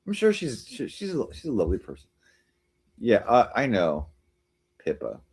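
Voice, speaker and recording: A male streamer talks loosely to his chat from a desk mic, rambling and teasing as he hops between jokes and comments. His pitch swings widely up and down, though his voice sits in an ordinary middle range. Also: wildly swooping pitch, normal speed, darkish tone, breathy edge. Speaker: live stream host. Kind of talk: casual live-stream chat reading comments.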